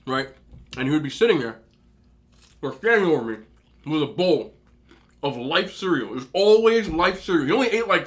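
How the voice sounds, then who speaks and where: A man in his thirties chatting casually at home, rambling through stories as he eats. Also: medium pitch. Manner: chatty, rambling, animated when telling stories. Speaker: mukbang host. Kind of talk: casual storytelling while eating. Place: indoors at home.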